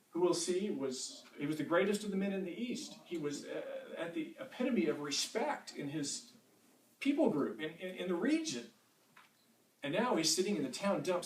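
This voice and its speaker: A man teaching a Bible study in a church room. He talks in a loose, conversational way and often repeats a word before he finds his phrasing. His voice is fairly high, and it is picked up from far off in a roomy space with a faint hiss behind it. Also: expressive, moderate pace. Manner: conversational, repeats words when restarting.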